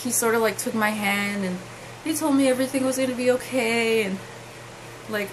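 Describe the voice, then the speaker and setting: Halting, emotional young woman vlogger. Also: a little high, background noise. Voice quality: halting and emotional, with many restarts. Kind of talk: emotional personal storytelling.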